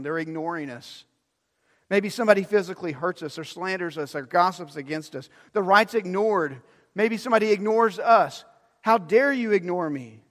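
Middle-aged male pastor, fairly high voice, preaching with loud emphatic swells and soft asides, church hall reverb. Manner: shifts from loud emphasis to quiet, drawn-out asides. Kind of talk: sermon. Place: church sanctuary.

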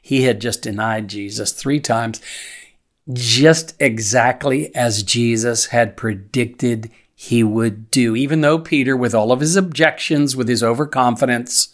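A man in a mid-range voice preaches through a passage, reading scripture aloud and then explaining it in an easy, conversational way. He talks like a teacher, with pauses and small fillers as he thinks. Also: medium pitch. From United States. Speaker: pastor. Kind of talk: expository sermon.

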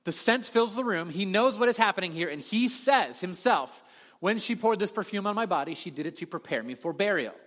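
A man preaching a sermon as a pastor, telling the story with animated delivery and acting out the voices he quotes. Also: high voice, a little fast. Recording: long hall reverb.

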